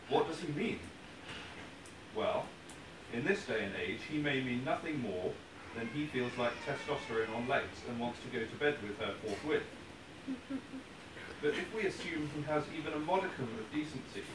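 Male reader, lively theatrical reading, distant from the mic in an echoey room with noise. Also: mid-range voice, normal speed. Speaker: congregation member reading aloud. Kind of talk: reading a passage aloud.

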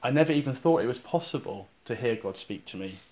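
In this sermon-like guided meditation, a man's medium-pitched voice stays calm, reflective and unhurried, leaving slow pauses. Whenever he recites or repeats verses, he goes quiet and soft.

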